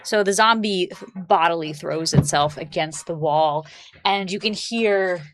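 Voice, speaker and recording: Unhurried woman narrating a tabletop game. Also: fairly low pitch, background noise. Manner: relaxed, chatty narration with fillers and laughs. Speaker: game master.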